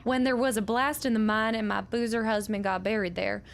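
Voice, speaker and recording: A woman's voice: a little high, fairly even intonation, creaky, a little hiss or hum. A woman voicing a bitter old widow, drawling. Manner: slow drawling folksy reading. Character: bitter grieving old woman, letter writer. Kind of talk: reading game letters aloud in character.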